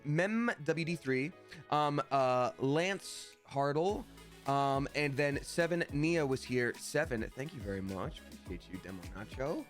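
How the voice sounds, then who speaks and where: A man's voice: mid-range voice, unhurried, faint music behind. A man hosting a live game stream, chatting casually and cheerfully thanking viewers by name. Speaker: Twitch streamer and voice actor.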